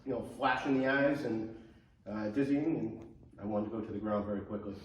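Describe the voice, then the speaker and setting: A man answers haltingly, with many fillers, as a volunteer in a martial arts class. His voice is distant and wrapped in heavy room echo, with a faint hum of background noise. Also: on the low side, highs cut off. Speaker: demonstration volunteer.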